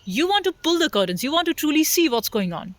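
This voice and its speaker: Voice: sits high, very animated, fast talker. A spiritual vlogger speaking in an earnest, unscripted monologue that builds its points through repeated phrases.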